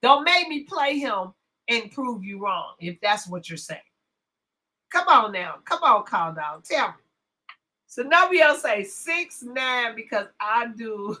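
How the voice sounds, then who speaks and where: A brash woman rants to her livestream chat. Her high, bright voice leaps and dips with lively swings, and she drawls along at an unhurried pace. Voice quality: brash, profane, swings from loud to hushed asides. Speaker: livestream host. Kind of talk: casual livestream rant.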